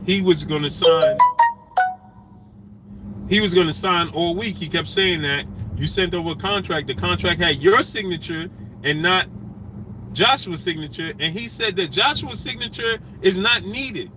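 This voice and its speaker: A man hosting a boxing talk stream, repeating himself emphatically and shouting out viewers by name. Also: high voice, moderate pace, a little hiss or hum, rough recording. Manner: animated, repetitive, emphatic street talk. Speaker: boxing talk show host.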